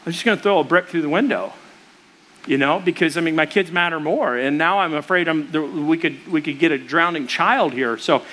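This preacher's voice is slightly high and moves along fairly quickly. Spinning a story in his sermon, he stays animated and casual, giving each character a voice while he stumbles through fillers and restarts.

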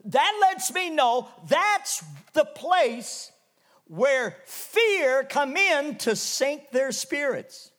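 Preaching a revival sermon in church, this man from Canada is expressive and draws out his words. His delivery swings from hushed lows up to loud, soaring peaks.

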